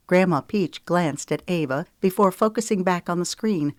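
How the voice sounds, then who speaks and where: A woman with a lowish voice narrating an audiobook in a measured, even pace. The recording is dry and close, with no room sound. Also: no room sound. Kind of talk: scripted storybook narration.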